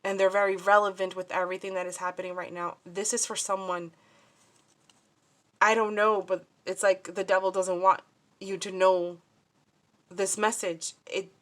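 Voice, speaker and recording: A woman's voice: mid-range voice, little pitch movement, normal speed, a bit bright. A woman chatting casually as she shows off a handmade craft project, talking in a scattered way with many fillers and restarts. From New Jersey, USA. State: upset and shaken. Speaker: crafting vlogger. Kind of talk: casual crafting show-and-tell.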